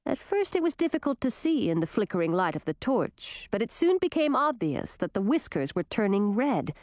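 A woman narrating a fantasy storybook in a clear, steady reading voice. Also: mid-range voice, normal speed, dry recording, studio quality. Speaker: audiobook narrator.

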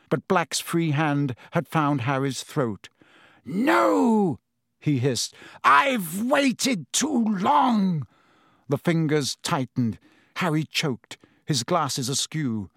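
Man, audiobook narrator, fairly high voice, dry close sound, measured and dramatic. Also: no room sound. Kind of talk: scripted narration.

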